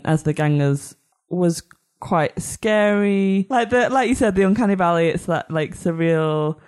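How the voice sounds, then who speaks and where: A woman's voice: fairly low pitch, a little mellow. Giggly Northern English woman. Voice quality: giggly, rambling with fillers. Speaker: podcast co-host. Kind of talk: casual review chat.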